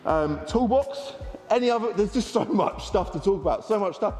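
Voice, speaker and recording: A man, a car dealer chatting excitedly to camera in a casual walkaround vlog. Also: high-pitched, moderate pace, long reverb tail.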